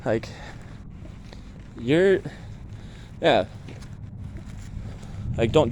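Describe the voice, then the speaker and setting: A man filming himself at a shelter door, speaking haltingly and repeating words, then venting with growing agitation. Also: mid-range voice, animated, darkish tone, slight background noise. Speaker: person seeking shelter. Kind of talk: filmed confrontation and venting.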